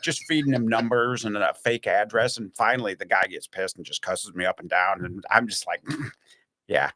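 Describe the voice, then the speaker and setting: A man's voice: fairly low pitch, moderate pace. A man chatting on a podcast, telling long stories and acting out other people's voices along the way. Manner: animated storyteller who acts out other people's voices. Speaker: podcast guest or host recalling stories. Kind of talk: casual podcast chat, storytelling.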